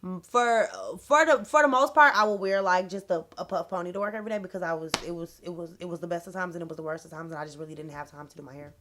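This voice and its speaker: A young adult woman, telling a casual, animated, slangy storytime on her vlog. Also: lowish voice, fast talker, hardly any pauses. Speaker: vlogger.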